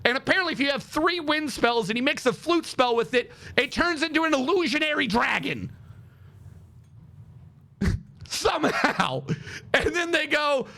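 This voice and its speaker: A man's voice: very high-pitched, animated, normal speed, creaky, sharp tone. A man streaming live, recapping in a sarcastic, profane, exasperated way. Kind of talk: casual livestream rant.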